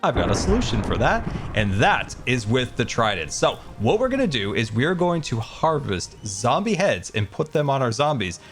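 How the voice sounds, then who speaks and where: Man, gameplay commentary, playful, jokey, very lively pitch, soft music behind. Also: moderate pace, hardly any pauses. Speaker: gaming YouTuber.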